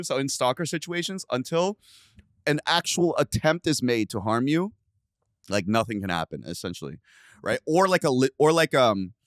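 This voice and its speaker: A young man hosting a podcast, casually telling a story with lots of profanity and sudden loud outbursts. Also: mid-range voice, no echo, studio quality. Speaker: podcast host.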